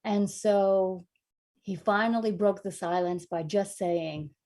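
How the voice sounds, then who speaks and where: A woman storyteller from New York spins a humorous personal tale with theatrical flair. She pokes fun at herself and swings between hushed, quiet passages and loud, dramatic bursts. Her voice sits in a middle pitch. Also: slow. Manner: lively, self-mocking, dramatic storytelling with big swings in volume.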